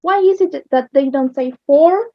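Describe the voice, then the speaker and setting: A woman with an Argentine accent teaching English literature, explaining slowly and checking understanding with "yes?". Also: high-pitched, no echo. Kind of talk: recorded online lesson. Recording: dull lo-fi sound.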